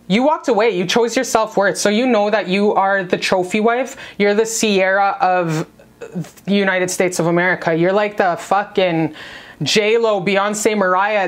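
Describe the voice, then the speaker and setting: A woman talking straight to the viewer in a casual spiritual love reading. She is brash and cheerfully profane, hyping the listener up like a pep talk. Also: mid-range voice. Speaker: tarot reader.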